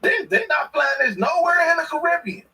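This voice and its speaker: A man, ranting at a clip in a heated, confrontational way, circling back to the same points again and again. His voice sits high and bright. He sounds set back from the microphone. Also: expressive, moderate pace, recorded from a distance, rough recording. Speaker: commentator reacting to a clip. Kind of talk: ranting commentary.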